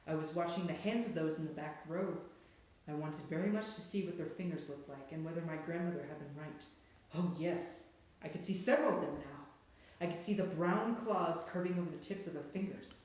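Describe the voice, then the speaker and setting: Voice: mid-range voice, a little fast, very echoey. A reader narrating a storybook aloud in a dramatic, suspenseful way. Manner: dramatic, hushed and then rising with suspense.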